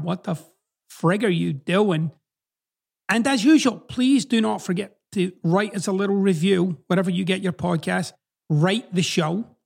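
Blunt Scottish-Southern man, high gravelly voice. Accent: Scottish mixed with American Southern. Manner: blunt, profane, direct. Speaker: podcast host. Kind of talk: advice podcast monologue.

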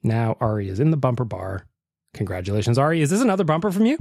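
A man hosting a podcast, talking casually and reacting loudly with mock outrage. His voice is mid-pitched and recorded dry and close. He swears freely and jokes. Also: sing-song, fast talker, no room sound. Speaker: podcast host.

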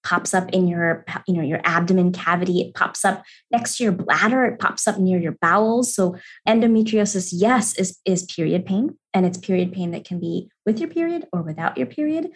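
A woman adolescent medicine doctor, a podcast guest, explaining things in a calm, measured way. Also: fairly low pitch. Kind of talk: podcast interview.

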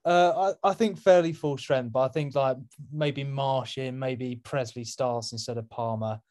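A man's voice: medium pitch, steady tone, unhurried, darkish tone. A man guesting on a fan podcast, hesitant with fillers in casual football chat, often trailing off.

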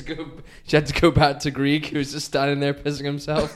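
Man telling lively anecdotes in chat. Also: a little high, brisk. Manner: animated storyteller, laughs while telling anecdotes. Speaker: podcast co-host. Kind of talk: casual chat.

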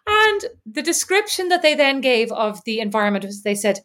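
A woman's voice: sits high, fairly even intonation, slow pace, pauses often, fairly bright tone. A woman, co-hosting a podcast and telling stories in casual chat with plenty of asides and fillers. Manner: chatty storyteller with lots of fillers and asides. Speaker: podcast co-host. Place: lives in Indiana.

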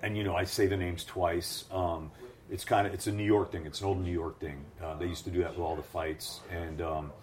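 A man who works as a ring announcer, telling stories in a lively, animated way during a casual interview. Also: deep voice, brisk. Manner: animated storyteller, acts out voices.

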